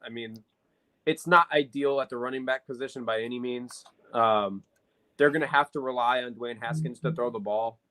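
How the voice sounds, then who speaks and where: A man's voice: mid-range voice, moderate pace, pushed and bright, low-quality recording. Man, podcast co-host, analytical sports talker, mid-range voice, filler-heavy casual delivery. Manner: analytical, talks at length with many fillers.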